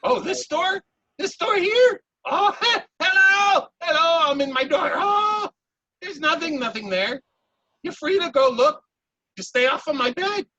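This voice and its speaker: Man doing a squeaky excitable otter shopkeeper. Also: unhurried, highs cut off, full character voice. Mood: eager. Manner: squeaky, eager, repeats words.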